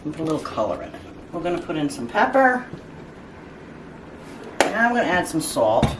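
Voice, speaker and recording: A woman's voice: deep voice, very animated, a little fast, background noise. A woman hosting a home cooking demonstration, chatting in a casual, joking way as she cooks. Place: home kitchen. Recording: echoey kitchen, mic at a distance, cooking clatter.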